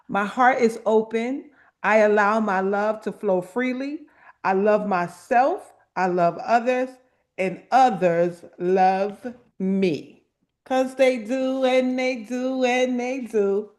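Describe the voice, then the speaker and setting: Slow, repetitive woman live-stream host. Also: fairly high pitch, a little mellow. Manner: unhurried, repeats phrases for emphasis. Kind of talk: casual live-stream talk, reading affirmations.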